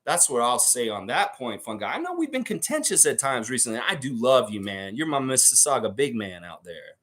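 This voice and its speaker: A fired-up man with a Baltic background, hosting a casual livestream. He rants and swears freely, and his pitch swings widely as he reacts to chat. His voice sits at a middle pitch. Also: very animated, a little fast, fairly bright tone. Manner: amped up, profane, ranting. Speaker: livestream host.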